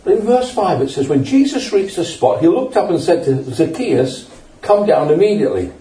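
A man's voice: sits high, big pitch swings, moderate pace, mellow. An older man with a humorous, conversational manner, preaching a sermon in a church and putting questions to the congregation. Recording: echoey church hall, mic at a distance.

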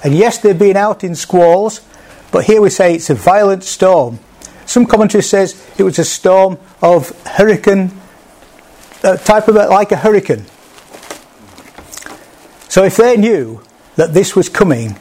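Conversational male preacher, fairly high voice. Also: measured pace, long pauses, a little mellow. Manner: conversational, with small restarts, acts out quoted speech. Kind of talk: sermon.

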